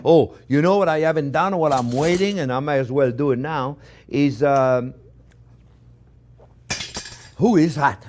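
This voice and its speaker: A man's voice: on the high side, a little slow, pauses often, darkish tone, a little hiss or hum. A man with a French accent, a chef giving a chatty cooking demonstration in a kitchen, repeating himself and talking to viewers as friends.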